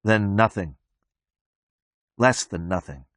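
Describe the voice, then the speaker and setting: A man reading a novel aloud in the first person, with tense, measured narration on a close mic. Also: fairly low pitch, a bit bright, no room sound. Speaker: audiobook narrator.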